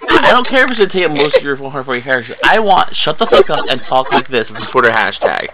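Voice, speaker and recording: A man's voice: medium pitch, very animated, fast talker, over a noisy crowd, low-quality recording. A man co-hosting a podcast, chatting casually and jokingly about a movie, swearing and teasing his co-host. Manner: joking, swearing, mock voices.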